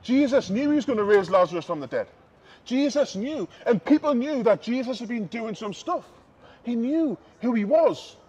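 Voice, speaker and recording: A man's voice: very high-pitched, expressive, normal speed, a little mellow, breathy edge. A man preaching an open-air street sermon, impassioned and repetitive, building emphasis. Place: outdoors on a city street. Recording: dull lo-fi outdoor recording with faint noise.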